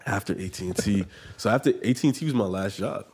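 A man's voice: fairly low pitch, fast, slight background noise. A man telling stories in a casual podcast chat, swearing freely and acting out the people he quotes. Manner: profane, animated storyteller, acts out quotes. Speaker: podcast guest.

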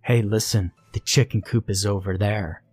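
A man's voice: lowish voice, fairly even intonation, moderate pace, a little mellow, soft background music, natural voice. A man doing a sneering boy bully. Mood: taunting. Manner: taunting, sneering, overconfident. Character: cocky, cruel teenage boy bully.

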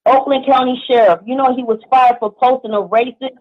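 A young woman calling in to a show, earnest and halting, with many fillers as she gives her opinion. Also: high-pitched, steady tone. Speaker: caller. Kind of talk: call-in opinion. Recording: muffled phone line.

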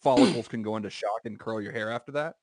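A man telling a long, rambling story on a casual podcast, at a middle pitch. The sound is dry and close. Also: darkish tone, no echo. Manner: drawn-out anecdotes with many fillers. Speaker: podcast co-host.

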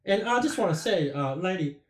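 A man's voice: high voice, lively intonation, a little fast. A man playing a tabletop game, jokey and swearing often. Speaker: player. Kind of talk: casual tabletop role-play chat. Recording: echoey room.

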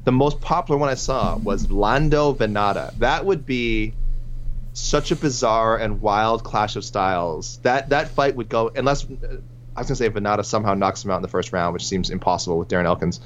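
A man's voice: on the low side, brisk. A man co-hosting a casual sports podcast, running through listener picks in a rambling, self-correcting way. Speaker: podcast co-host. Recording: muffled lo-fi with faint hum.

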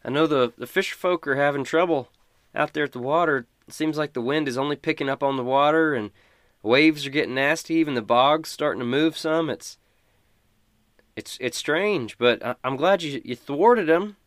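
A man voicing an excited, chatty young woman villager who gushes and stammers. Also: on the high side, normal speed, dry recording, studio quality, voice pushed up, natural voice. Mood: worried.

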